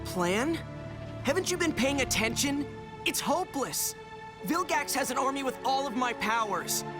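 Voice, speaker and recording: A man's voice: extremely high pitch, expressive, moderate pace. An actor playing a whiny teenage boy hero in a cartoon. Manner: whiny, desperate. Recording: cartoon clip over music. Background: score music.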